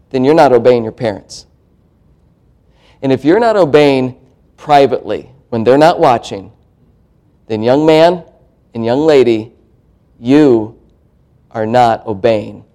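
A man preaching a sermon to young people, acting out parents and teens in put-on voices, some of them high and squeaky, before an audience in a church hall. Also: a little mellow. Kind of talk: sermon to youth.

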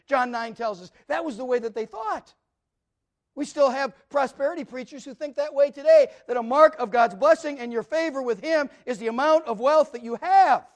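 A man preaching a sermon, emphatic and repetitive, swinging from loud declarations to hushed asides. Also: extremely high pitch.

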